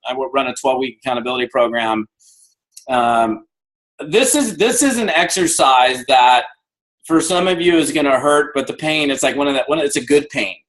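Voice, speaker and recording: A man in his fifties giving an energetic motivational talk on a video call, acting out the voices in his stories. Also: medium pitch, moderate pace, low-quality recording. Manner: energetic storyteller, acts out dialogue. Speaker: guest speaker.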